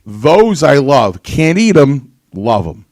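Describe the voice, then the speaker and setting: A man's voice: medium pitch, takes it slowly. A middle-aged man, a podcast co-host, telling stories in a casual chat and acting out other people's lines. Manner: animated anecdote-telling, mimics others. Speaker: co-host, former wrestler.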